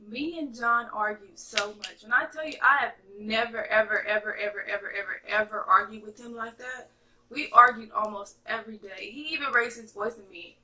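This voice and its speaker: A young woman from North Carolina telling a chatty, animated storytime to her viewers. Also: fairly high pitch, distant mic, poor audio. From North Carolina, USA. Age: young adult. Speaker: vlogger. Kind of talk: casual storytime vlog.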